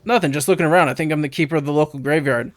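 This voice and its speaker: A man's voice: a little high, rapid-fire, dry recording, close to an everyday voice. A man playing a polite, lost newcomer. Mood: earnest.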